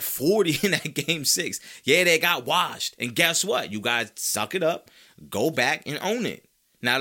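A man hosting a sports talk podcast, ranting with loud, high-pitched outbursts between stretches of lower, calmer talk. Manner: animated, swings into high-pitched shouts. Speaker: podcast host. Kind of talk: fired-up sports talk rant.

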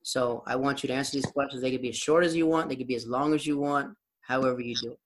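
A man's voice: medium pitch, steady tone, fast. A man hosting a podcast, chatting casually and asking teasing questions. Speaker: podcast host. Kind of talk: casual interview chat.

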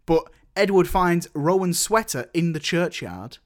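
A man co-hosting a relaxed film podcast, laughing easily as he talks. His voice is high for a man. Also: measured pace. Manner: laughs often, easygoing. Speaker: podcast co-host. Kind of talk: casual film discussion.

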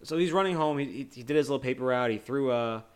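A man's voice: mid-range voice, fast, clear, resonant tone. A man co-hosting a casual movie discussion podcast, rambling and joking loosely with many restarts. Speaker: podcast co-host.

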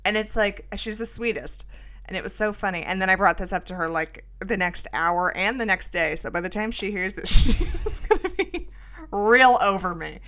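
Chatty middle-aged woman rambling thru a story, bright clear voice, lots of "like"s. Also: medium pitch, moderate pace. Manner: chatty, rambling, self-mocking, lots of fillers. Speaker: podcast host. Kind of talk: casual storytelling monologue.

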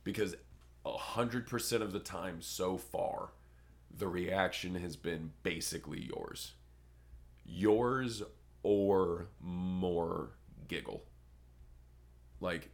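A man's voice: low voice, takes it slowly, gravelly. A young man on a podcast, rambling through a crude story in casual chat. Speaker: podcast co-host.

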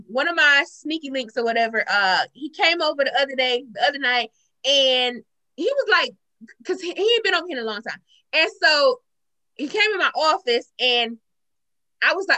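A woman in casual chat, telling lively stories that turn loud and high when she gets worked up. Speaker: panel guest.

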